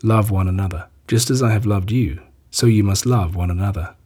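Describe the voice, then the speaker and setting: A man reading a calm, solemn Jesus. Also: lowish voice, breathy edge. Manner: measured, solemn.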